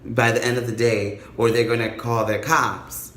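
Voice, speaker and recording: A man telling a story to camera in a casual vlog, animated and dramatic, with lots of swearing. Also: mid-range voice, moderate pace, echoey room. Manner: animated, profane, dramatic retelling. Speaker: vlogger.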